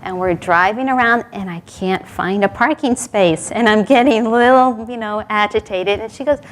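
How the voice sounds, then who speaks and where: A woman's voice: mid-range voice, normal speed. Woman telling stories at a Sunday talk. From New York City. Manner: storytelling, chuckles between lines. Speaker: speaker at a Sunday service. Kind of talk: sermon with told stories and jokes.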